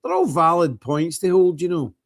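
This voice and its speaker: A man's voice: on the high side, sing-song, moderate pace. Chatty older man streaming. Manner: chatty, rambling, greets viewers by name. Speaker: livestream host. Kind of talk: casual livestream chat with scripture reading. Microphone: phone camera.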